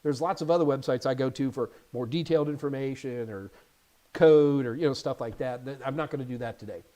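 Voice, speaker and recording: A man hosting a casual live Q&A stream as an IT certification instructor, chatty and animated, with jokey asides. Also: medium pitch, a little fast.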